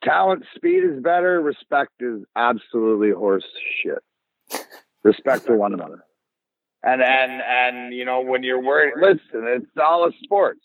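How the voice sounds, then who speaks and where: A former hockey player being interviewed, telling rambling, profane stories full of restarts. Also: male voice, mid-range voice, big pitch swings, moderate pace, no room sound. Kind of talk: casual storytelling interview. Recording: tinny phone-like line.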